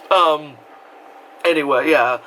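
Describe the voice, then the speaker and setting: A man with a New York accent telling a casual, animated, profane story on his vlog, often laughing. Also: on the high side, drawn-out words, slight background noise, poor audio. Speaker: vlogger.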